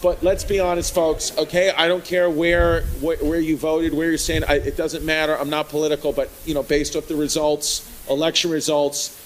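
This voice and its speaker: A man doing a stand-up set in a comedy club, riffing loudly with the crowd and working the room. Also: a little high, little pitch movement, moderate pace, hardly any pauses. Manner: loud, riffing, crowd work. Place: comedy club with live audience. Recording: live club recording with crowd noise.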